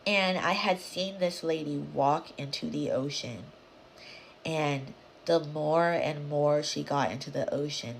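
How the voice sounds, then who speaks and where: Animated woman telling a spooky story. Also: sits low, takes it slowly, gravelly, a little hiss or hum. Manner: dramatic, animated, swears and addresses viewers directly; drops to hushed whispers for suspense. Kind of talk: casual spooky story time to camera.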